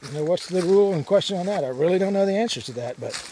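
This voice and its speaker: A man's voice: sits high, expressive, rapid-fire, warm tone. Rambling hiker man on a noisy trail. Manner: rambling and easygoing, many "uh" fillers. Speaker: long-distance hiker vlogger. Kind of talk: casual vlog monologue. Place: outdoors on a mountain hiking trail. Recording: outdoor noise behind the voice.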